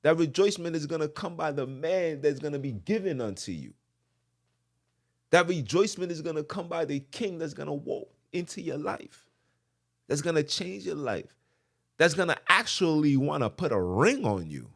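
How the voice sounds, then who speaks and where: A man's voice: fairly high pitch, sing-song, moderate pace. A man hosting a podcast, delivering a preachy monologue that quotes scripture, emphatic and repetitive, often asking "right?". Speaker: podcast host.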